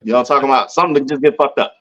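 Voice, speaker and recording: A man's voice: mid-range voice, racing, fairly bright tone, muffled recording. A man co-hosting a casual podcast, giving laid-back advice and joking as he talks. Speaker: podcast co-host. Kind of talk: casual chat.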